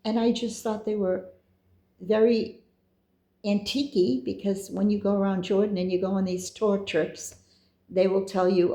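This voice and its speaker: A woman's voice: mid-range voice, little pitch movement, measured pace, warm tone, echoey room. A middle-aged woman telling a personal story in a chatty, meandering way, with asides and quoted dialogue. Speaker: storyteller recounting her own experiences.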